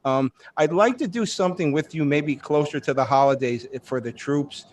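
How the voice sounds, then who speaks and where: A man's voice: a little high, normal speed. A man in his fifties hosting a radio interview, speaking eagerly and politely like a longtime fan. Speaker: host.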